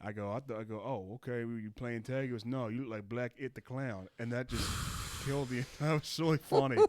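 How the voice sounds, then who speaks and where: Mid-pitched man telling stories. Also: brisk, darkish tone, no room sound. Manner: storytelling, swearing, recounting others' words. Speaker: podcast co-host. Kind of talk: casual comedy chat.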